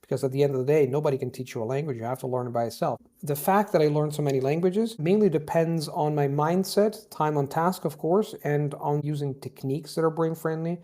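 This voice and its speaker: Italian guy with an almost american accent, mellow warm voice, animated interview guest. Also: a little high. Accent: Italian-born, near-American English. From Italy. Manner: reflective, animated, demonstrates sounds. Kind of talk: interview conversation.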